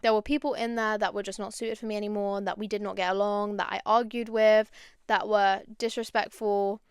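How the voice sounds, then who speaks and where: Chatty young woman, bright and clear. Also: a little high, no echo, clean studio sound. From London. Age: young adult. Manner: chatty and animated, going off on tangents. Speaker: podcast host. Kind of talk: casual chat.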